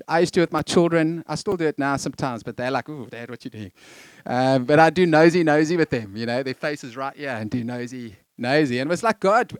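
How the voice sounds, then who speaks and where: Middle-aged male preacher, high voice, conversational sermon with lively emphasis, dry recording. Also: dry recording.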